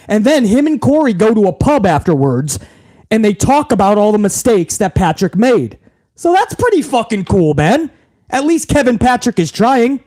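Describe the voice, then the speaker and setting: A man's voice: high-pitched, darkish tone. A man who hosts a wrestling show, ranting casually with heavy swearing and sarcasm. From New York. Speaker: wrestling podcast host. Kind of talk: casual rant.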